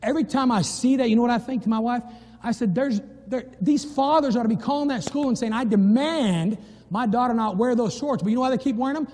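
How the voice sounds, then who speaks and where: Man, pastor, middle-aged, high pitched, breathy edge, preaching with loud and hushed swings. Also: quick pace. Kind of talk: sermon. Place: church sanctuary. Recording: long reverb from a church hall.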